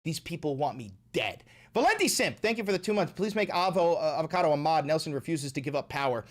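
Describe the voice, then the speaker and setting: A man's voice: on the high side, very animated, quick pace. A man livestreaming, ranting in a profane, mocking and taunting way. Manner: taunting, provocative.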